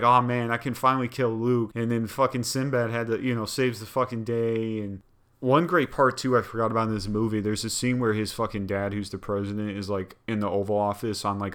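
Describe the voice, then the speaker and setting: A man's voice: fairly low pitch, level tone, a little fast, fairly bright tone. Young man swearing through a rambling story. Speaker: podcast co-host. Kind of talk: casual chat.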